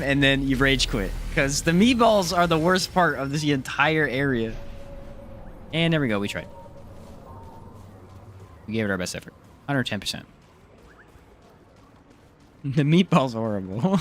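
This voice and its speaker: A man's voice: medium pitch, lively intonation, a little slow, long pauses, fairly bright tone, slight background noise. A man streaming a live game, chatting casually, joking and answering his chat. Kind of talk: casual live gameplay commentary.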